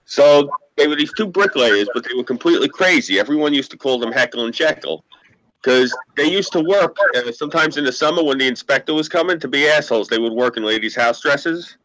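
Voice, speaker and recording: A man's voice: mid-range voice, animated, fairly quick, fairly bright tone, poor audio. A man telling rambling, profane anecdotes in a casual chat, acting out what people said. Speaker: podcast co-host.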